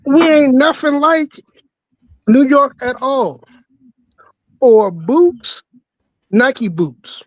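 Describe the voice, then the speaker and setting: A man's voice: very high-pitched, extremely slow, pauses often, no echo, poor audio. A man on a group talk, speaking in a laid-back, drawling way. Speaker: guest. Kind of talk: casual group discussion.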